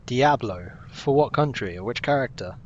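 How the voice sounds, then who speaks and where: A man's voice: medium pitch, animated, normal speed, highs cut off, a little hiss or hum. Chatty man streaming a game. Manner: chatty, talks to himself and to chat while playing. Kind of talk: casual gameplay commentary.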